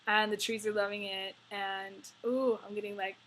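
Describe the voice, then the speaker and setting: A woman's voice: mid-range voice, flat delivery, normal speed, fairly bright tone, a little hiss or hum, low-quality recording. A woman giving a tarot reading to camera, talking in a rambling, effusive way with many fillers. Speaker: tarot reader.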